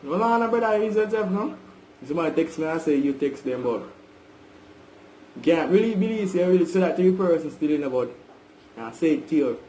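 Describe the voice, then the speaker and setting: A man's voice: on the high side, lively intonation, a little fast, pauses often, dark tone. A young man with a Jamaican accent, confronting his brother on a call, pressing and repetitive. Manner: repetitive, pressing, keeps calling him brother. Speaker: vlogger. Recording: echoey room with faint background noise.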